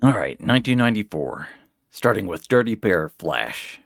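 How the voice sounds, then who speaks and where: Low-voiced man hosting a casual podcast, dry close mic, lots of filler words. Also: sing-song, moderate pace, gravelly, no echo. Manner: laid-back, many filler ums and uhs. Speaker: podcast host.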